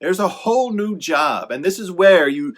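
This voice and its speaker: Offering writers casual motivational advice, this author speaks at normal speed in a high-pitched, expressive, fairly bright voice. His rambling talk includes self-corrections, emphatic encouragement and sarcastic asides.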